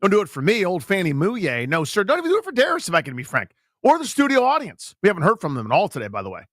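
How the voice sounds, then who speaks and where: A man's voice: high-pitched, racing, dry recording. A male sports radio host telling stories in casual, playful banter into a studio mic. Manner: playful, storytelling, animated.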